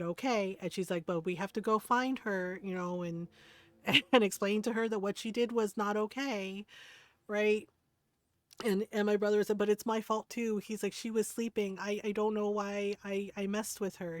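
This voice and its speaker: A woman's voice: medium pitch, no room sound. A woman streamer casually telling a story to her live chat, rambling and often laughing, checking in with "right?" after many lines. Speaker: game streamer.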